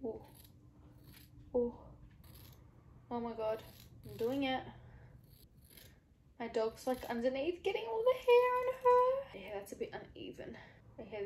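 A woman's voice: high-pitched, very animated, a little slow, creaky, pauses often, darkish tone, roomy sound, slight background noise. A young woman, vlogging casually at home, nervous and swearing as she talks. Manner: anxious, exclaiming, swearing. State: sweating, nervous. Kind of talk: casual vlog talk. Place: at home, in a room.

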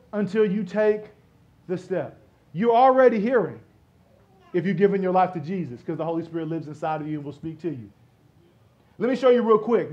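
Male pastor, high voice, lively sermon swinging from shouts to whispers, playful acted-out asides; slightly muffled church recording. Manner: swings from loud exclamations to soft near-whispers; playful, acts out imagined voices. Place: church sanctuary.

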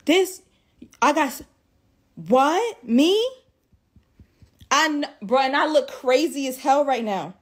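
Tearful woman ranting in shock, cursing. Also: high voice. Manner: profane, repeats herself, swings between shock and defiance. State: tearful after days of crying. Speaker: social media creator. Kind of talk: emotional vlog rant.

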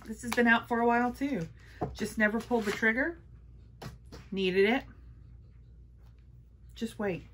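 A woman vlogger chatting casually through a makeup haul, gushing and playful, sometimes dropping to a hush. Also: a little high, unhurried, pauses often, slight background noise. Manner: gushing, playful, talks to her palettes.

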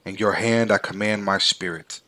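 A man giving a measured, solemn scripted reading of scripture. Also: fairly low pitch, fairly even intonation, sharp tone. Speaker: scripture reader.

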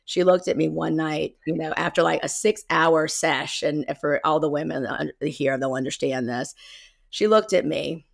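A woman's voice: sits low, normal speed, gravelly, dry recording, clean studio sound. A woman in her fifties from South Carolina with a Southern accent, talking candidly and rambling a little as a guest over a video call. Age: 50s. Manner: candid, rambling, self-correcting. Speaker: guest, embodiment coach. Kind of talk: casual interview.

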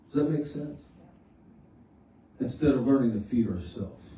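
A man's voice: mid-range voice, expressive, unhurried, warm tone, slight background noise. A man pastor preaching a sermon in a folksy, conversational way, often repeating his phrases. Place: church sanctuary. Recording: echoey room, voice from far off.

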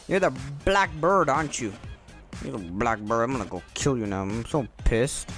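A man giving casual, excitable and playful commentary over his own gameplay. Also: medium pitch, normal speed, faint music behind. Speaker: gamer commentator.

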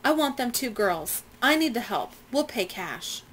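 A woman's voice: on the high side, sing-song, unhurried, slight background noise, voice pushed up. A woman reading the part of a blunt, determined tavern cook who speaks plainly.

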